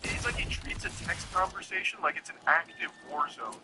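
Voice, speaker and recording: A man's voice: high-pitched, lively intonation, a little fast, few pauses, over music. A sarcastic young man doing comedic commentary while reading texts aloud. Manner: sarcastic, mocking.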